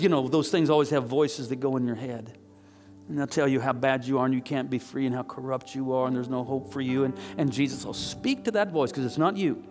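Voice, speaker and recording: A man preaching as a pastor, praying fervently in repeated phrases and leading a congregation in recited liturgy. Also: medium pitch. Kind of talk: sermon and congregational prayer. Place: church sanctuary. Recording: long hall reverb, faint music.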